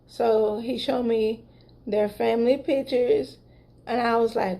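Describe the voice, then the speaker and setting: Woman vlogger, fairly high voice, slow chatty storytelling. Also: steady tone, vocal fry, warm tone. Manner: chatty, retelling conversations with many asides. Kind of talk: casual storytelling to viewers.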